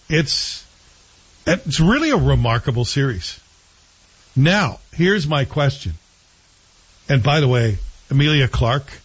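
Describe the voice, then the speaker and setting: Guy hosting a chat show, husky voice, rambly and opinionated, kinda muffled audio. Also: medium pitch. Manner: chatty, opinionated, rambling with self-corrections. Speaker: show host reviewing TV series. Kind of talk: casual chat.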